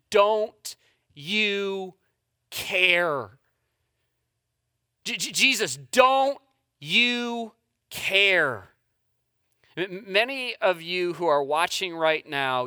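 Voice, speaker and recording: A male pastor preaching a sermon who stammers and repeats words, swinging from hushed to intense. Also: fairly high pitch, clear, resonant tone, no room sound, studio quality.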